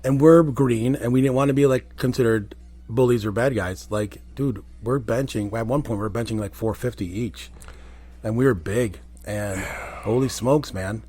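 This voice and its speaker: A man with a husky, breathy voice and a middle pitch, talking casually as an interview guest. He tells long stories and often stops to restart his sentences. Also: moderate pace, mellow. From Colombian and Puerto Rican family. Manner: storytelling, frequent fillers and restarts. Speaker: interview guest, former wrestler. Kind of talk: casual conversation.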